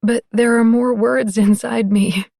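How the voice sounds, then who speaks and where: A woman's voice: a little high, fairly even intonation, a little slow, vocal fry, a little mellow, no room sound, studio quality. A woman voicing a tearful young woman in love in an audiobook, lifting her voice in a pleading, emotional way. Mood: loving. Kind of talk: audiobook character voice.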